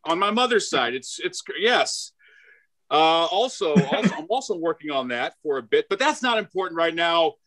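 A man in his forties doing a stand-up comedy set, hyper and excitable, stumbling over repeated words as he talks. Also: fairly high pitch, moderate pace. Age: 40s. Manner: hyper, excitable, stammering restarts. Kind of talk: stand-up set at an open mic. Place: comedy club stage.

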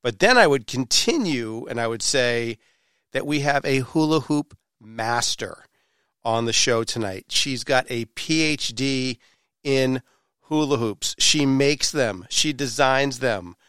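A man's voice: mid-range voice, lively intonation, takes it slowly, a bit bright, clear, resonant tone, no room sound, studio quality. A man hosting a podcast interview, with a playful, showy way of building up his guest. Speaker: podcast host. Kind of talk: casual interview.

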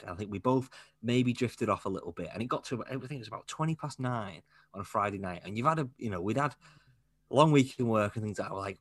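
Lower-voiced man, chatty film talk. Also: quick pace, dry recording. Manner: chatty, joking, rambling asides. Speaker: podcast co-host. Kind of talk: casual film chat.

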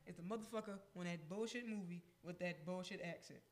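A man's voice: sits high, brisk. A man co-hosting a podcast, ranting emphatically and swearing freely. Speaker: podcast co-host. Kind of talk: casual chat.

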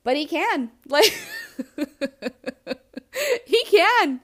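A woman hosting a podcast, talking alone in a blunt, animated and self-reflective way and swearing freely. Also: extremely high pitch, very slow. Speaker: podcast host. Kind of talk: candid solo monologue.

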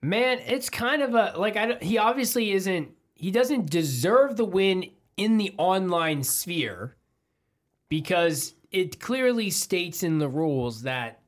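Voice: medium pitch, animated. A podcast co-host in casual chat, reasoning through game rules and chiming in. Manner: conversational, quick to agree, reasons through rules.

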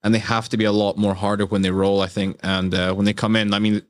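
A man hosting a casual interview, chatty and quick to agree. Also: on the low side, little pitch movement, no echo, studio quality. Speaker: interviewer, podcast host.

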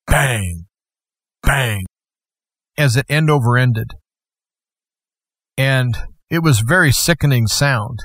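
A man telling a personal testimony in an earnest, deliberate storytelling manner. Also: mid-range voice, a bit bright, no echo.

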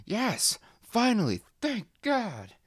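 A man's voice: high voice, huge pitch swings, takes it slowly, voice pushed up, exaggerated voice. A man doing a whiny talking coffee cup. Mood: relieved squeal. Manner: pleading, insistent. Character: whiny sentient coffee cup, male, demanding.

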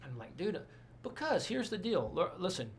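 A man with a somewhat higher pitch and a gravelly, creaky edge tells stories in a loose, rambling way, full of asides and quoted dialogue. He is a pastor chatting casually in an interview. Faint ambience sits behind him. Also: fairly quick, slight background noise. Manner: rambling, animated storyteller with asides.

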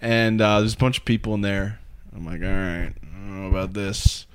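A man's voice: lowish voice, a little fast, clear, resonant tone. A man co-hosting a podcast, telling comic stories with lots of laughter. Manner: animated storytelling, laughs often. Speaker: podcast co-host. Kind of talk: casual comedic chat.

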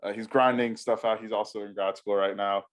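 A man's voice: lowish voice, level tone, fairly quick. A man hosting a podcast in casual chat, rambling and restarting sentences, often laughing. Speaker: podcast host and editor.

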